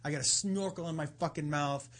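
A man telling a story in casual chat, animated and profane, acting out what others said. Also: fairly high pitch, fairly quick. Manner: animated, profane, acts out quotes.

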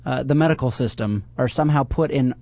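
A man's voice: mid-range voice, fast talker, dark tone, no echo. A man hosting a casual call-in talk show, teasing and laughing with callers. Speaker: show host.

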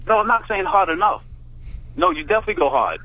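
A man's voice: sits high, sing-song, fast talker. A male caller phoning in to a radio show, eager and pushy about his question. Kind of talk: casual call-in talk. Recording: tinny phone line.

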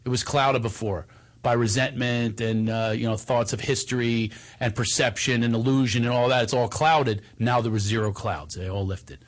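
A man's voice: mid-range voice, steady tone, moderate pace. A man, a comedian, telling a personal story in a conversation, laughing often and acting out what others said. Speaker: comedian guest.

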